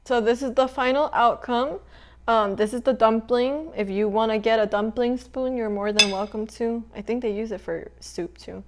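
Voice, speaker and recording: Chatty woman with a high-ish voice. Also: moderate pace, slight background noise. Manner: chatty, relaxed, talks while cooking and eating. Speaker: cooking channel host. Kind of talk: casual cooking tutorial.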